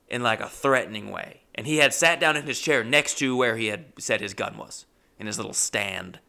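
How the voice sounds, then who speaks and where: Brief: young man, comic storyteller, self-mocking, frantic bursts, bright and gravelly. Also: lowish voice, normal speed. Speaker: comedian.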